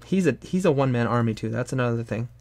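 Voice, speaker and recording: A young adult man chatting casually while he draws on a live stream, rambling and animated, sometimes bursting into loud high put-on exclamations. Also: quick pace. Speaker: streamer and artist.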